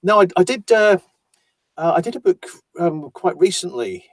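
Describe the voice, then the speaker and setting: A high-voiced man, very animated and speaking at a moderate pace, discusses his audiobook narration in a dry recording. It's a conversational interview where he explains his work at length, thoughtfully and self-deprecatingly.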